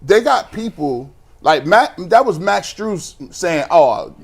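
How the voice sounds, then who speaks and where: A man's voice: sits high, very animated, slow pace, creaky, breathy edge. A man in a casual sports talk show, bantering playfully with slangy phrasing.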